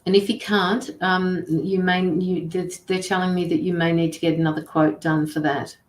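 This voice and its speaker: Her voice is on the low side, level in tone, at normal speed. She's a middle-aged intuitive reader giving casual tarot and mediumship sessions on a livestream, chatty, rambling, blunt, and quick to swear, with a roomy echo on the audio.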